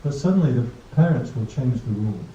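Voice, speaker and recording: A Buddhist monk who teaches mindfulness gives a class a casual, humorous talk, telling anecdotes and laughing at his own jokes. His mid-range voice has a dark tone, lively intonation and a quick pace. The recording is dull, distant and roomy, with a little hiss or hum.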